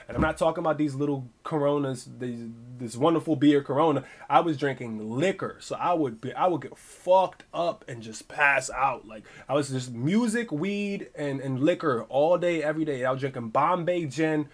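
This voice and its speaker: A man telling a story casually on a livestream, animated and profane, rambling with many restarts. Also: on the high side. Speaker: streamer.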